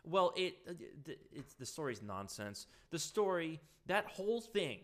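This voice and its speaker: Guy ranting about politics, pitch swings all over, kinda high voice, sarcastic and tripping on words. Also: big pitch swings, a little slow, a bit bright. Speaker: political commentator.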